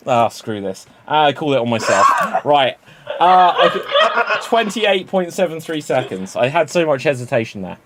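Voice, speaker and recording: A man's voice: on the high side, sing-song, normal speed, fairly bright tone, slight background noise. A man hosting a live-streamed improv comedy show, explaining game rules and chatting with the audience, often laughing at his own slips.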